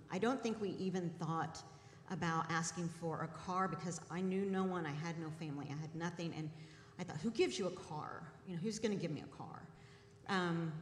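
A woman in her forties giving an earnest, hesitant personal testimony to a church congregation, with many pauses and ums. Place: large church sanctuary. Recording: roomy hall echo, faint rumble.

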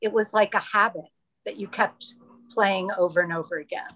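A woman taking part in a group discussion over a video call, speaking in a thoughtful, slightly halting way. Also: medium pitch, steady tone, fairly bright tone, dry recording, rough recording. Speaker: group participant.

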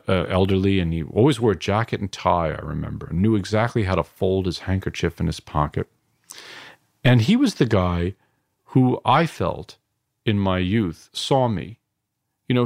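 A man from New York in his fifties, a filmmaker reflecting on his family in an interview, halting and restarting often. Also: deep voice, creaky, a little mellow, no echo, studio quality. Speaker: filmmaker guest. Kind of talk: interview answers.

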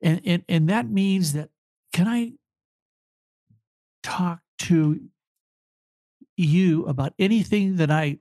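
An older man, a family counselor, answering an interview question in an earnest, halting way, choked up with emotion. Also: fairly high pitch, dark tone, no room sound, clean studio sound.

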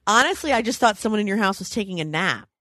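Brief: playful woman co-host, animated pitch, dry close sound. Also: fast, dry recording. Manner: playful, giggly storyteller. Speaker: podcast co-host. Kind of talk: casual chat.

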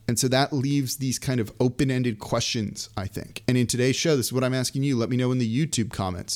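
On a sports podcast, a man with a mid-range voice discusses team news by himself in a relaxed, lively style, frequently wandering into asides.

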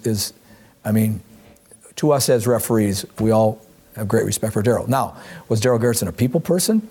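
An older man and former referee tells a story as an interview guest, jumping back and acting out what people said. He talks quickly, with a husky edge. His tone is mellow and dark. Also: mid-range voice. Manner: animated storyteller, frequent restarts, acts out quotes.

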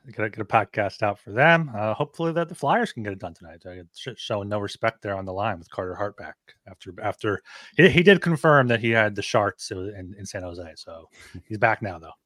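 A man co-hosts a casual sports betting podcast, his pitch rising and falling in a lively way. He talks casually and stumbles over repeated words. The sound is dry and close. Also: no echo. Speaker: podcast co-host.

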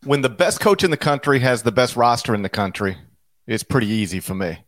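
A man in the middle of the usual pitch range talks through a basketball podcast in an easy, chatty way. He restarts his thoughts and piles on quick asides as he builds his case. The sound is dry and close, with no room around it. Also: animated, fairly bright tone, dry recording. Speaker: podcast co-host, basketball analyst. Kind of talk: casual podcast chat.

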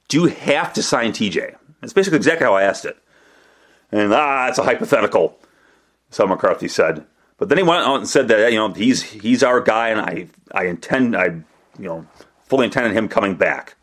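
Low-ish guy talking football, rambly, keeps restarting his sentences, casual podcast vibe. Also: a bit bright. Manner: rambling, self-correcting, conversational. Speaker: sports reporter and podcast host. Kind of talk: casual sports talk monologue.

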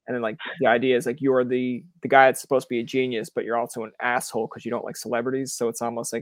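A man's voice: mid-range voice, flat delivery, racing, few pauses, dry recording. A young man from Canada hosting a podcast in casual chat, rambling with many fillers, swear words and acted-out quotes. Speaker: podcast host.

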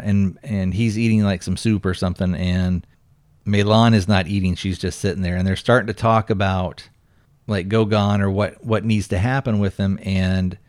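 A man's voice: on the low side, darkish tone, no echo, clean studio sound. A man hosting a solo podcast in a casual, rambling way, loosely retelling a film's scenes with frequent fillers. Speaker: podcast host reviewing movies.

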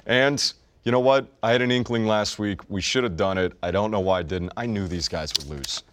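A man's voice: lowish voice, brisk, a bit bright, no room sound. A young man co-hosting a podcast, chatting casually and sarcastically about sports. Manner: wisecracking, sarcastic. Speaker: podcast co-host.

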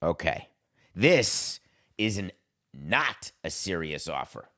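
A man's voice: lowish voice, sing-song, takes it slowly, fairly bright tone. A man hosting a solo sports podcast, talking in a wry, theatrical way that swings between dry asides and mock-grand flourishes. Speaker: podcast host.

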